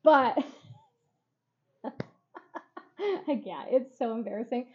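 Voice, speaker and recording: A woman's voice: on the high side, lively intonation, extremely slow, a little mellow. A young woman co-hosting a podcast, telling a story in casual chat, giggly and rambling with lots of fillers. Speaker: podcast co-host. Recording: dull lo-fi sound.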